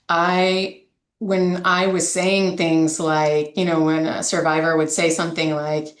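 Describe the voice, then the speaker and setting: A woman's voice: fairly low pitch, fairly bright tone, echoey room. A woman who directs a domestic violence coalition, candidly recounting a story in an interview, with many fillers and restarts.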